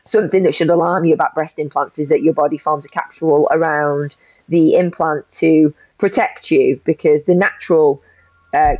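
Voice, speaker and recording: A woman's voice: deep voice, a little mellow, no room sound. A woman, a guest in an interview, telling a personal story in an emotional rush full of restarts. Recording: dull lo-fi audio.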